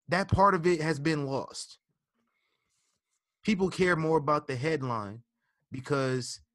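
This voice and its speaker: Male podcast host, bright, tense tone, rambling delivery with restarts, dry close mic. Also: medium pitch, dry recording. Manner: rambling, stumbles and restarts, many ums. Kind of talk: casual podcast chat.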